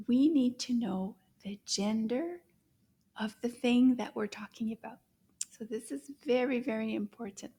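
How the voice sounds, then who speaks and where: Woman, kids' French teacher, slow and animated, warm husky voice, playful whispers. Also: a little high. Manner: animated, gasps and whispers to a puppet; slow, drawn-out repetition for children. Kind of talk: children's language lesson.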